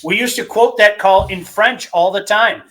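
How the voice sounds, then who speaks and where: A middle-aged man hosting a casual sports podcast from a basement studio, excitable and chatty, reading out listener picks. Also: high voice, normal speed, rough recording. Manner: excitable, chatty, jumps between topics. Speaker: podcast host.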